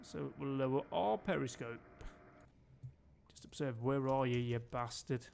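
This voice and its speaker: A man's voice: medium pitch, unhurried, vocal fry, darkish tone, a little hiss or hum. A man from Denmark giving chatty, sweary commentary while streaming a game and barking orders at his crew. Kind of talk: casual gameplay commentary.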